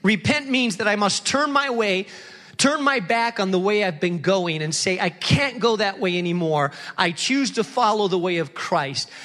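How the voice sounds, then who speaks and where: A male pastor preaching an impassioned sermon, acting out excuses in quick bursts before slowing for emphasis. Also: high voice, a bit bright. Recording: large hall reverb.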